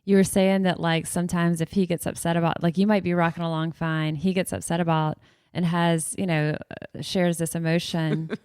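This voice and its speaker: A woman's voice: lowish voice, level tone, normal speed, darkish tone, clear, resonant tone, no room sound, clean studio sound. A woman hosting a podcast, engaged, laughing along and finishing her guest's sentences. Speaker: podcast host. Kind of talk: casual interview chat.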